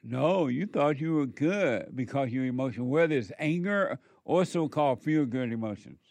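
A man giving a moralizing monologue in a slow, emphatic way, repeating words for stress. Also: medium pitch, animated, darkish tone, no echo.

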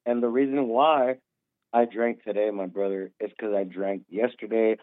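A man's voice: on the low side, fairly even intonation, moderate pace, no room sound. A man in his thirties calling in, tipsy from drinking, rambling with lots of restarts and repeats. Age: 30s. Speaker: caller. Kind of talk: casual call-in talk. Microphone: phone. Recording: tinny phone line, dry.

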